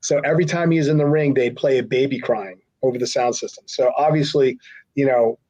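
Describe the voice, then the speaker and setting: A man's voice: mid-range voice, fairly quick, mellow. A middle-aged man telling a long, rambling anecdote as a podcast guest and acting out the other people's lines in voices. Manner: rambling, acts out quotes with voices. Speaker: podcast guest, former wrestler. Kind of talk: casual storytelling. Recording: slightly dull lo-fi audio.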